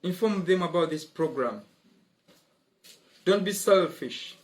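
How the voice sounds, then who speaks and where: Young guy teaching law online, high voice, keeps repeating stuff with lots of uh-huh, mm-hmm. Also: animated, takes it slowly. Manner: repeats key words, frequent "mm-hmm" and "uh-huh" fillers; emphatic, drilling points home. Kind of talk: explanatory online lesson.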